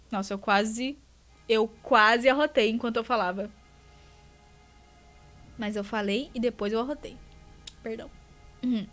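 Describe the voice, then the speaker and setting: A woman's voice: a little high, moderate pace, pauses often, fairly bright tone, soft background music. A young Brazilian woman with Portuguese as her first language, reading a webcomic aloud on a live stream in a playful way. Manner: playful, does silly character voices.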